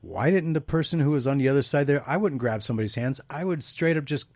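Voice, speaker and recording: A man's voice: mid-range voice, fast talker, dry recording. A man hosting a pop culture radio show, chatting casually and joking as he runs a movie review panel. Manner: jokey, rambling, laughs often. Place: radio studio.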